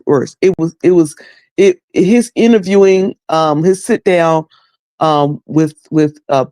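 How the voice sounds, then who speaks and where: A woman's voice: low voice, a little mellow, dry recording. A middle-aged woman giving loose, candid commentary on a video, rambling and often repeating herself. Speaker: online commentator.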